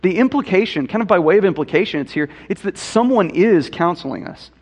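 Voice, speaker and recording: A man preaching a sermon with a fairly high-pitched voice. He often repeats words and keeps putting probing questions to his listeners. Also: lively intonation, brisk, husky. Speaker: pastor.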